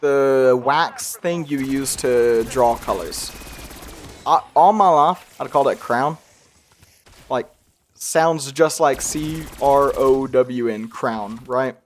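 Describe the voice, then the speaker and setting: A man's voice: medium pitch, slow. A young man with a faint accent he tries to hide talks through a game he is playing. His commentary rambles and pokes fun at himself, and he laughs often in an ordinary mid-range voice. A faint hiss sits under the recording. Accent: slight regional accent he tries to hide. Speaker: gaming youtuber. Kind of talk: casual gameplay commentary.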